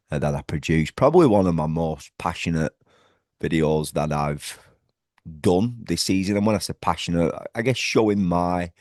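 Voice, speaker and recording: A man's voice: extremely low pitch, a little mellow, no echo, clean studio sound. A man from northwest England, hosting a casual football fan vlog from home, talking passionately and rambling with lots of fillers and restarts. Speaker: football fan channel host. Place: at home indoors.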